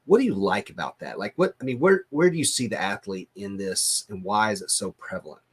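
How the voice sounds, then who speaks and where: A man with a fairly low voice hosts a business podcast. He asks questions in a loose, rambling way and chimes in with his own enthusiastic views. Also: lively intonation, brisk, breathy edge. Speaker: podcast host. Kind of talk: interview conversation.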